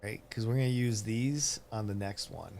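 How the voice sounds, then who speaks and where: A man's voice: lowish voice, moderate pace, vocal fry, darkish tone, slight background noise. Rambling male streamer, easygoing chat. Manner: rambling, self-interrupting, laughs often. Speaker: game streamer. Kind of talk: casual live-stream chat.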